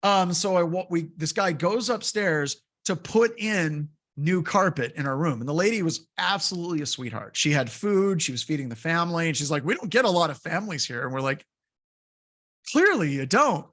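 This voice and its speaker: A man's voice: a little high, lively intonation, a little fast, hardly any pauses, fairly bright tone. A middle-aged man teaching a security course, telling a loose, filler-heavy story between points. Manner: casual, rambling, with many fillers. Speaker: course instructor. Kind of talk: lecture with anecdotes.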